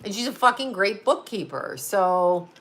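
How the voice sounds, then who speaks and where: Talking a little slowly in a mid-range voice, this woman in her fifties runs her own channel as a psychic medium and astrologer. Her casual livestream chat is blunt, full of swearing, and punctuated by frequent laughter.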